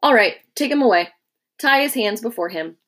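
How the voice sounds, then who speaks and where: Voicing a gruff Roman centurion in a story she's reading, a woman makes him bark orders with raised, hard-edged scorn for his captive, his voice climbing sharply on shouts. She pushes her voice up, a little high and animated, at normal speed.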